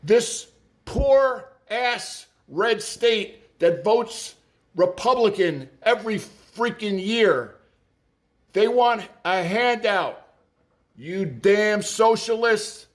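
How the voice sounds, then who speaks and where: A man's voice: high-pitched, animated, very slow. A man giving sarcastic political commentary, profane and mocking.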